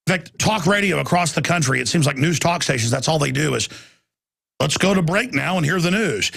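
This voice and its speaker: A man, hosting a talk radio show and ranting angrily about government spending, at times breaking into furious shouts. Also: fairly high pitch, animated, fairly quick, creaky, breathy edge. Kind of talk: angry talk radio rant.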